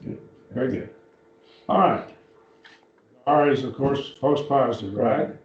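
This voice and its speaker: A man's voice: medium pitch, a little slow, highs cut off. Man teaching a Bible class, echoey and distant. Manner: explanatory, checks with "okay?". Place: church classroom.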